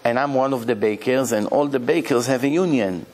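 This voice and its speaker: A man's voice: mid-range voice, fairly quick, a little mellow, pitched below the performer's own voice, lightly acted. A man voicing an older baker who speaks earnestly and urgently as he recalls a past kindness within a told story.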